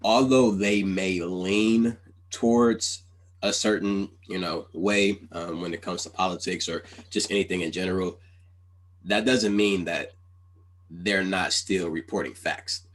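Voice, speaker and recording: A man's voice: deep voice, steady tone, measured pace. A man hosting a casual podcast interview, earnest and rambling, full of "you know" and "like". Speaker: podcast host.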